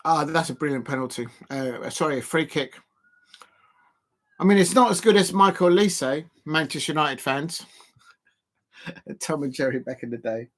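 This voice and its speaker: Chatty football stream host. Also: male voice, a little high, animated, normal speed, pauses often. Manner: rambling and chatty, laughing often. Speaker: football watch-along host. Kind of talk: casual live-stream commentary.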